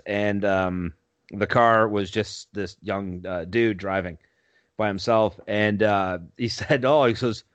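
A man's voice: fairly low pitch, dry recording. A man casually telling a profane story on a podcast, often laughing as he talks.

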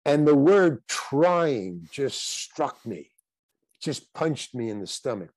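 A man's voice: medium pitch, sing-song, darkish tone, dry recording. Older man telling rambling stories. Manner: rambling anecdotes with halting restarts. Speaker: guest actor. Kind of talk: casual interview storytelling.

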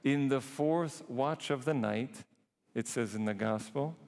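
A man preaching a sermon, emphatic, drawing some phrases out slowly and rushing others. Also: mid-range voice, creaky, darkish tone, long reverb tail. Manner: emphatic, shifts between slow and quick phrasing. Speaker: priest preaching.

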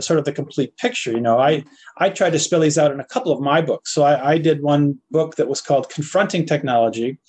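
An older man answers interview questions at length, earnest and hesitant, often restarting his sentences. His voice sits somewhat high for a man. He is explaining ideas as a guest on a podcast. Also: a little mellow. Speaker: philosophy lecturer and guest.

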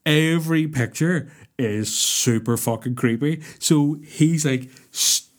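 A man's voice: on the high side, slow pace. A man co-hosting a podcast, chatting casually, rambling and swearing a lot, laughing often. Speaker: podcast co-host. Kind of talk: casual chat.

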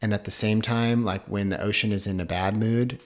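Man in his thirties, very low voice, podcast co-host, relaxed and reflective. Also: normal speed. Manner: easygoing, reflective, affirming. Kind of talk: casual podcast chat.

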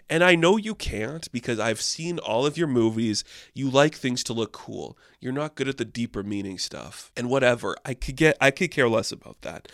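A man's voice: medium pitch, fairly bright tone, dry recording, studio quality. A young man giving a casual, sarcastic movie review, rambling and exasperated, with lots of filler words.

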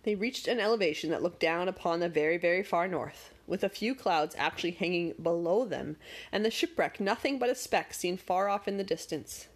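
A woman narrating a storybook with expressive, dramatic pacing. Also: on the low side, a little fast.

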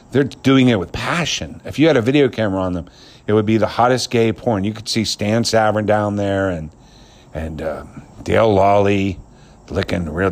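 A man giving a casual, opinionated sports rant, rambling and crude, mocking people and laughing at his own jokes. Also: low-pitched. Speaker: sports commentator.

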